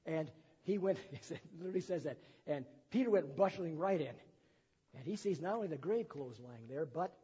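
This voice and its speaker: In a church sanctuary, a male pastor with a fairly high, mellow, slightly rough voice delivers a sermon. He reads from the gospel, then restates it plainly with conversational asides, and the recording sounds dull in the long-echo hall.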